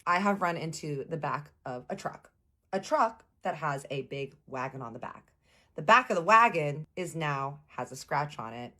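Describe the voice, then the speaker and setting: A woman casually telling a personal story to her audience, acting out the lines of the people in it and calling her listeners y'all. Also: low-pitched. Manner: animated, acts out quotes, addresses listeners as y'all.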